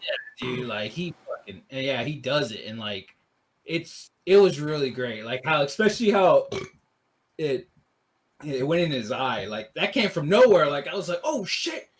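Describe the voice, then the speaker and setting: A man co-hosting a casual movie review podcast, rambling through plot recaps full of "like" and quick acted-out quotes. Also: mid-range voice, animated. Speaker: podcast co-host.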